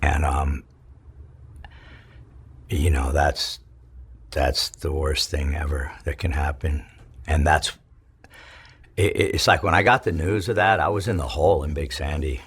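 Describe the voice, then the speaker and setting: A middle-aged man from California, telling his story in an interview, profane and halting with many restarts. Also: a bass voice, fairly even intonation, fairly bright tone, husky. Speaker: interview guest, former prisoner. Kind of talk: emotional storytelling.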